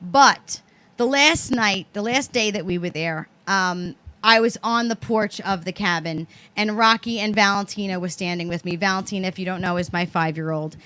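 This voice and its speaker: A woman podcast co-host telling a story in casual chat, animated and swearing, acting out the voices of the people in it. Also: mid-range voice, moderate pace.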